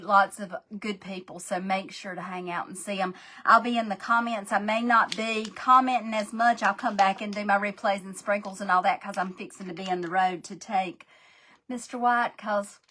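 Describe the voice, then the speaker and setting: A woman's voice: mid-range voice, steady tone, moderate pace, sharp tone, slight background noise. A woman hosting a live craft demo, folksy and a bit scatterbrained as she talks straight to her viewers. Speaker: crafting livestream host.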